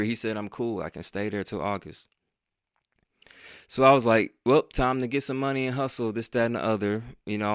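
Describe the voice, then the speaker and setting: A vlogger and podcaster tells a personal story in a casual, profane storytime monologue, acting out the dialogue as he goes. His voice is fairly low, a bit bright, and smooth, and his manner is conversational and full of swearing. The recording is clean studio sound with no room sound.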